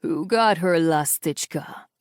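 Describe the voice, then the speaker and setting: A woman voicing a calm, restrained, protective man who speaks in a measured way in an audiobook. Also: lowish voice, gravelly, no room sound, studio quality, voice pushed down. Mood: deadly calm.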